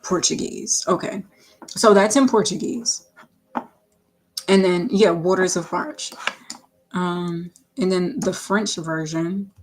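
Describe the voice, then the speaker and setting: A woman's voice: lowish voice, steady tone, takes it slowly, long pauses, a little hiss or hum. A woman who makes music, chatting casually on a livestream, rambling with lots of fillers, self-corrections and playful asides. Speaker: singer-songwriter livestreaming her work.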